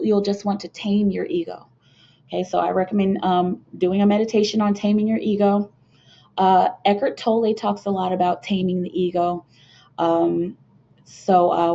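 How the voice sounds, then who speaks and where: A woman's voice: medium pitch, mellow. A young woman from the United States giving a casual spiritual talk to her viewers, earnest and rambling, with many fillers and restarts. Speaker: spiritual card reader hosting a channel. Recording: dull lo-fi home video sound.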